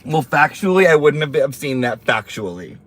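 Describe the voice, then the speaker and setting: A man's voice: on the high side, sing-song, moderate pace, a bit bright. A man hosting a casual livestream, reading viewer comments aloud and teasing them in a sassy, campy way.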